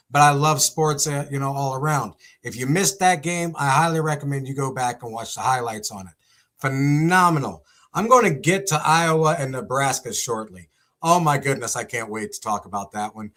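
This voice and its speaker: A young man hosting a casual sports commentary segment, talking in an excitable, exclamatory way. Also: mid-range voice, moderate pace.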